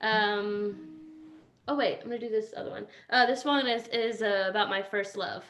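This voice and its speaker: A woman's voice: medium pitch, fairly even intonation, normal speed, a bit bright, faint music behind. A woman, a comedy musician, chatting casually at home over a video call in a rambling way.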